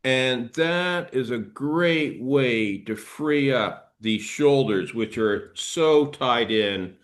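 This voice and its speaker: A middle-aged man, a trauma therapist, gently guiding listeners through arm-swing exercises and explaining body reactions. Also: medium pitch, expressive, very slow. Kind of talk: guided movement instruction.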